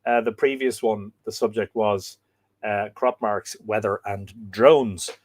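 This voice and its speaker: A middle-aged Irish man hosting a live stream, reading out viewer comments in a hesitant, thinking-aloud way with many pauses and fillers. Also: fairly low pitch, fairly even intonation. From Ireland. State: dry throat, coughing. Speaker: host of a live myth reading show.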